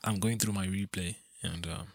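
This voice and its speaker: Low-voiced man rambling casually. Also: steady tone, normal speed, no echo, studio quality. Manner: rambling, self-interrupting, laughs at himself. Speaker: podcast host. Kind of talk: casual solo chat.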